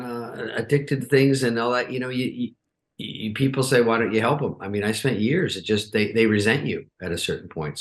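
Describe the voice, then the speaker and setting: Man telling stories in a lowish voice. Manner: animated, acts out quotes in raised voices. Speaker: guest. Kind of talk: casual interview storytelling.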